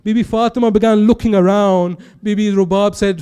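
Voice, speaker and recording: A man with a British accent delivers a mournful sermon, his voice pitched high and mellow. His tone is smooth and resonant. He stretches out the quoted lines slowly and pleadingly as he tells the story. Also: steady tone. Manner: emotive storytelling with quoted dialogue, slow pleading stresses. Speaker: majlis speaker.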